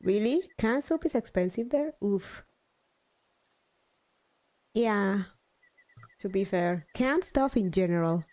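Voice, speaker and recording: A young woman chats casually on a live stream in an unhurried, drawn-out way. Her talk is loose and self-mocking, with a swear word here and there. Her voice sits at an ordinary middle pitch. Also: a little mellow. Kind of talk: casual chat while gaming.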